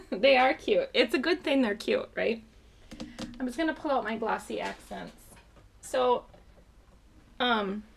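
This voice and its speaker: A woman with a medium-pitched, creaky voice and a breathy edge hosts a live card-making class. She walks through each sample card in a chatty, upbeat way, loose with fillers.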